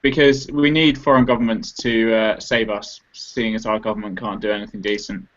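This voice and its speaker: A man's voice: lowish voice, steady tone, moderate pace, a bit bright, dull audio, a little hiss or hum. A man co-hosting a casual political chat podcast, giving opinions with wry asides. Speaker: podcast co-host.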